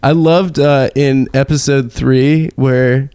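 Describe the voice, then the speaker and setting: A man co-hosting a comedy podcast, talking in a halting, casual way, trailing off with fillers. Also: medium pitch, fairly even intonation, warm tone, clean tone, no room sound, studio quality. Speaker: podcast co-host.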